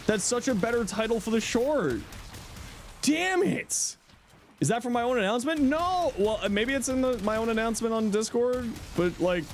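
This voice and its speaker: A middle-aged man streaming from home, chatting loosely with his viewers and teasing them with easy laughs. His voice sits a bit higher than most men's. A faint hiss of room noise sits under it. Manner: playful, teasing, laughs often. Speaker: livestreamer. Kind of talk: casual livestream chat, answering chat.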